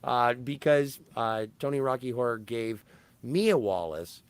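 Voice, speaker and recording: Lively, animated man recapping a film. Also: mid-range voice, measured pace, smooth. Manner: animated, self-correcting storyteller. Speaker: podcast co-host. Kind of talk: casual film-recap chat.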